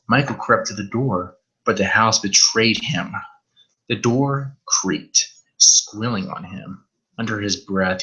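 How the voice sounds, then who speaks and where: A man's voice: sits low, sharp tone, rough recording. A man reading a horror story aloud on a live stream, stumbling over words now and then and swearing in asides.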